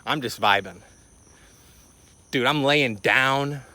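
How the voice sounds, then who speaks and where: A young man casually telling a rambling travel story, full of slang and fillers, his voice jumping higher when he recalls panicking. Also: slow pace, pushed and bright. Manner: rises in pitch when retelling panic. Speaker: vlogger.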